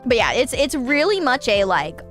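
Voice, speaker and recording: A woman's voice: on the high side, big pitch swings, moderate pace, fairly bright tone, soft background music. A woman hosting a casual stream show, chatting and reading listener stories while gushing and laughing often. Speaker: streamer hosting a call-in style radio show.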